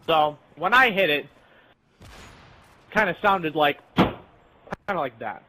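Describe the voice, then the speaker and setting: A man's voice: on the high side, animated, slow pace, background noise. A young man casually telling a rambling, profane story while playing a game with friends. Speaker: channel host.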